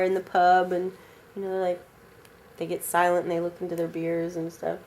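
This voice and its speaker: A woman telling an original vampire story aloud in a casual, animated, rambling way, with many fillers. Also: on the low side, moderate pace, a little hiss or hum.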